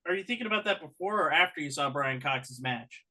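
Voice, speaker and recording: Bright, wry podcast co-host. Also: medium pitch, animated, brisk. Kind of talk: casual wrestling recap chat.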